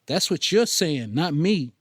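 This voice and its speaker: A man voicing a frustrated young woman nurse in an audiobook, raising his pitch for her. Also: animated, measured pace, breathy edge, no room sound, clean studio sound.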